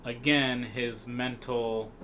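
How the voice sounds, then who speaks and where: A man co-hosting a podcast recaps a film scene by scene, speaking slowly in a mid-range voice. Relaxed and rambling, he uses many fillers and restarts, and the recording carries a little hiss or hum.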